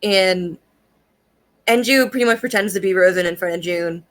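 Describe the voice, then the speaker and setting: A young woman talks through her thoughts on a series in a loose, chatty way, swearing freely and circling back on herself. Her voice sits at a middling pitch, and her manner is easygoing and unpolished. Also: moderate pace, a bit bright. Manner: chatty and profane, with frequent fillers and laughs. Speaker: anime reviewer. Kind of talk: casual spoken review.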